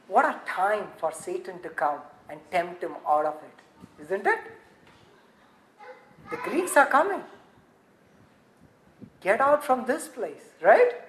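A woman preaching a sermon from scripture, animated, repeating phrases and asking rhetorical questions, swinging from emphatic peaks down to hushed low passages. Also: unhurried. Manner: animated, rising to emphatic peaks, then dropping very low and quiet. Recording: echoey room with faint background noise.

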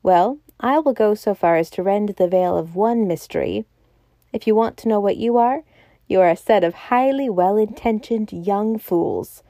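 Woman voicing enormous riddling man, smooth mocking tone, mellow, dry close sound. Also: medium pitch, moderate pace, dry recording, lightly acted. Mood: playful. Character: huge, genial, riddling old male president.

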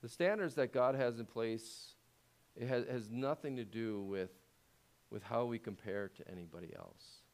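At a moderate pace, this pastor delivers his sermon in a conversational way, throwing rhetorical questions at the congregation. His voice climbs louder and higher whenever he drives a point home.

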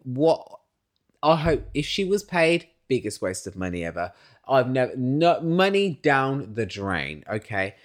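Animated, sweary male recap host. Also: mid-range voice, measured pace. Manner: animated, opinionated, swears a lot. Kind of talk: casual recap commentary.

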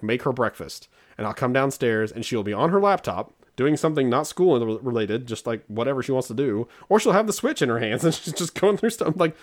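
A man in his forties co-hosting a podcast, telling stories about his kids in a rambling, stop-and-start way. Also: medium pitch. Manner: rambling, self-interrupting storyteller. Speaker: podcast co-host. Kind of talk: casual chat.

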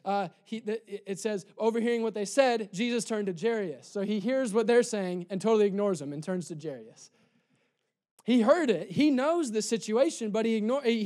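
A high-pitched pastor preaches a sermon in church, impassioned and repetitive. He drops his voice soft for emphasis.

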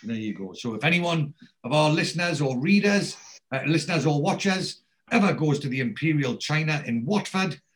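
Animated man retelling an episode. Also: a little high, normal speed. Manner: animated storyteller acting out quoted lines. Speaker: podcast host. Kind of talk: casual episode recap.

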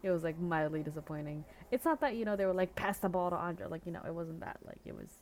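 A woman from the Philippines chats loosely on a podcast, her voice sitting a little low for a woman. She peppers her talk with "like" and restarts her sentences as she goes. A faint background noise runs under her. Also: quick pace, a little mellow. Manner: chatty, lots of "like" and restarts. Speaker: podcast co-host. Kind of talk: casual chat.

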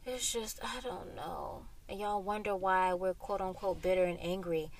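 A woman's voice: mid-range voice, normal speed. A young woman from Florida hosting a solo podcast, talking bluntly and heatedly with lots of swearing, recorded inside a parked car. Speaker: podcast host.

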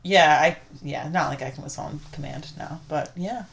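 A young woman chatting frankly as a podcast guest, talkative and quick to laugh. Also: low voice, gravelly. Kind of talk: casual chat.

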